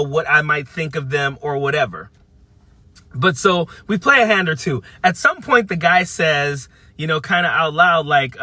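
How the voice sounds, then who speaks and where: A man of fifty telling a casual story to camera from his parked car, animated, acting out what people said, with frequent restarts. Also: a little high, no room sound. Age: 50s. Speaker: vlogger. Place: parked at a car charging spot by a busy street.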